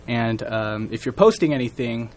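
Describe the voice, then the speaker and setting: A man in a casual radio interview, talking about his a cappella group in a relaxed, rambling way. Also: mid-range voice, moderate pace.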